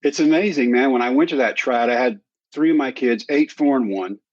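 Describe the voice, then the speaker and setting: A man's voice: mid-range voice, a little fast, slight background noise. A man around sixty, a guest in a sit-down conversation, telling a personal story with animation and acting out the dialogue. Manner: animated storyteller who acts out quoted dialogue. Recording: dry, slightly dull recording.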